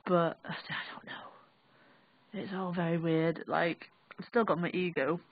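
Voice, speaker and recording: A woman's voice: lowish voice, steady tone, measured pace, husky. Rambling sweary Northern English young woman. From England. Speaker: vlogger. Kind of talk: casual first-person recollection. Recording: dry, tinny phone-like audio.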